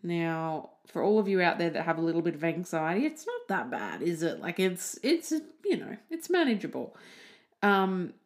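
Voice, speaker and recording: A woman's voice: fairly low pitch, sing-song, moderate pace. An Australian woman hosting a podcast, telling a story in a chatty, jokey way and laughing at her own asides. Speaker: podcast host.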